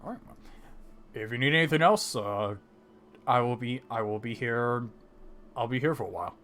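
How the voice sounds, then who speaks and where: A man's voice: mid-range voice, lively intonation, a bit bright, a little hiss or hum, lightly acted. A man voicing a friendly male shopkeeper who stumbles over his words as he offers help. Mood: obliging. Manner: halting, repeats himself.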